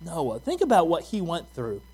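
A man preaching a sermon in an easy, conversational way, with a voice a little higher than most men's. He tells stories about himself and keeps asking the congregation questions. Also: wildly swooping pitch, normal speed, a little mellow, breathy edge. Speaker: pastor.

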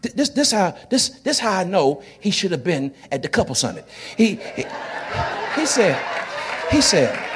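A high-pitched male pastor preaches with a wide, swooping delivery. He jokes with the congregation and breaks into shouts at the climaxes. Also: normal speed, a faint crowd. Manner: animated, joking, shouting at peaks. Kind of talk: sermon.

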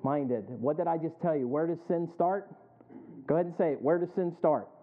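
Call-and-response preacher on thin audio. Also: male voice, on the high side, fairly quick. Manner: asks the congregation to finish his sentences. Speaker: pastor. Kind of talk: sermon with call-and-response questions. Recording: thin phone-like sound.

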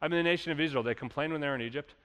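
Guy preaching a sermon, high voice, acts out the complainers, long hall echo. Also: rapid-fire, clean tone. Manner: animated, acts out quoted complainers in a raised voice. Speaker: pastor.

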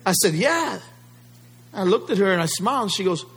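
Sex: man. Role: pastor. Style: sermon. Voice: husky, a bit high. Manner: emphatic, rhetorical questions. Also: expressive, fairly quick, a bit bright.

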